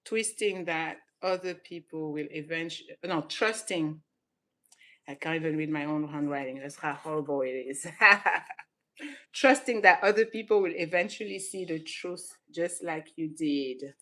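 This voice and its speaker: A woman from Senegal who grew up in southern France hosts her own channel and talks casually to camera. She gets animated, laughs often and restarts her sentences. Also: fairly low pitch, measured pace. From Senegal, raised in southern France. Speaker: channel host.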